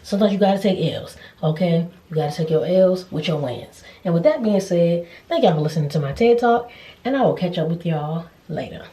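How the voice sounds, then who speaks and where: A young adult woman vlogger telling a lively, slangy story-time rant to her viewers. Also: lowish voice, fairly quick, recorded from a distance. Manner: animated, slangy, addresses viewers as y'all. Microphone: phone. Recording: echoey room with faint noise.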